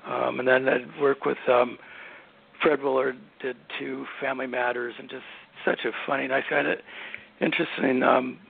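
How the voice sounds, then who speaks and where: An older man with a gravelly, husky voice recalls his sitcom days in an easygoing, rambling way. His talk is full of ums and you-knows. The sound is thin and phone-like. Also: mid-range voice, moderate pace. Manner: relaxed anecdotal, many ums and you-knows. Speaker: sitcom writer and producer, guest. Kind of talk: casual interview storytelling. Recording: phone-like narrow audio.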